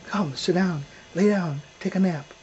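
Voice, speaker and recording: A man doing wary storybook shepherds who yell out in a high, loud voice, then ease into a plain, friendly tone. Faint ambience sits behind them. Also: measured pace, highs cut off, a little hiss or hum. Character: rough, wary group of shepherds.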